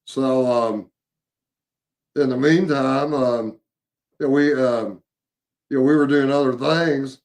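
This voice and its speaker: A man, casually recounting a paranormal investigation, halting with many fillers and repeated words. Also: mid-range voice. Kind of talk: casual storytelling chat.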